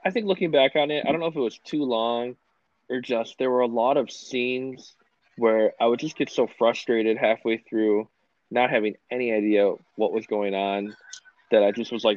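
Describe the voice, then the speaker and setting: A man's voice: mid-range voice, normal speed, darkish tone, dry recording. A man co-hosting a casual movie discussion podcast, easygoing and full of "like" fillers. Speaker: podcast co-host. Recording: dry, dull lo-fi sound.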